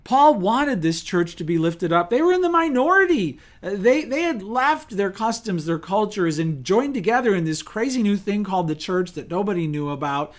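A man preaching a sermon in a lively, conversational way, asking rhetorical questions and acting out little quotes. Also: high-pitched, normal speed, few pauses. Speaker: pastor.

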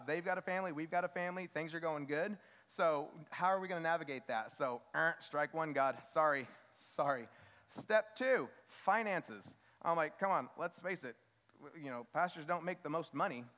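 Man, 30s, preacher, sermon, fairly high voice, self-deprecating, emphatic peaks, echoing church hall. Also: sharp tone. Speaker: children's pastor. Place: church sanctuary.

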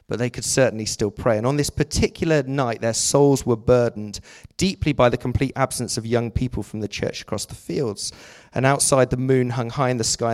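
Lively male preacher telling a story. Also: mid-range voice. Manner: lively, breaks off a story for jokey asides. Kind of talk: sermon with storytelling.

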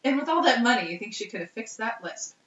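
A woman's voice: on the high side, lively intonation, quick pace, a bit bright. A woman co-hosting a podcast in casual chat, wry and teasing. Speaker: podcast co-host. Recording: roomy, dull lo-fi sound.

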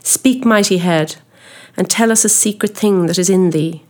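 A woman's voice: medium pitch, moderate pace, darkish tone, lightly acted. A woman reading a brooding old sea captain. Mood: solemn. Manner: solemn, grandly declaiming old-style speech. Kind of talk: audiobook character reading.

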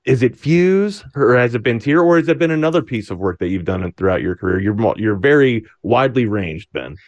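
A man's voice: lowish voice, lively intonation, fast talker, lo-fi sound. A male host interviewing a guest in a playful, laughing way. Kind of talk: casual interview chat.

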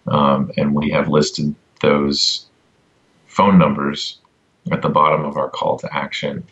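A man on a casual podcast giving an advocacy update, halting with many ums and restarts and a dry sense of humor. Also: extremely low pitch, completely flat delivery, fairly bright tone, highs cut off.

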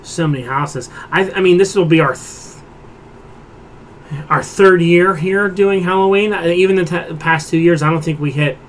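A man with a slightly higher voice hosts a relaxed pop culture podcast. He tells stories with frequent laughter and then runs through figures in a loose, chatty way. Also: normal speed, slight background noise. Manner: laughs a lot while telling stories. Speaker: podcast host. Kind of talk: casual chat.

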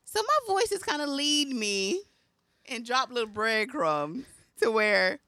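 A woman's voice: fairly high pitch, very animated, slow, sharp tone, no echo, clean studio sound. A woman co-hosting a podcast in casual chat, musing through her point. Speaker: podcast co-host.

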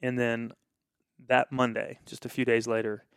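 Man pastor telling a lively story. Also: medium pitch, moderate pace, clean tone, no room sound, clean studio sound. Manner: animated, acts out quoted dialogue. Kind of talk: storytelling in casual conversation.

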